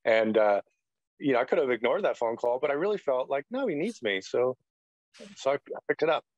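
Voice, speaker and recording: A man's voice: mid-range voice, lively intonation, fairly quick, dry recording. Earnest middle-aged pastor telling his story. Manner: earnest, rambling storyteller full of "you know". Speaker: retired pastor, interview guest. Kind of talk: personal testimony in a podcast interview. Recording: dull, dry lo-fi sound.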